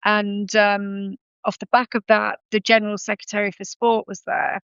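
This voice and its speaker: A woman's voice: mid-range voice, little pitch movement, moderate pace, gravelly, a bit bright, smooth, dry recording, highs cut off. A woman in her thirties, a podcast guest, telling her story in a conversational way with frequent ums and self-corrections.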